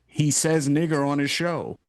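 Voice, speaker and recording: A man hosting a casual podcast chat, ranting in a profane, animated way. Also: a little high, a little slow, no echo, clean studio sound. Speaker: podcast host.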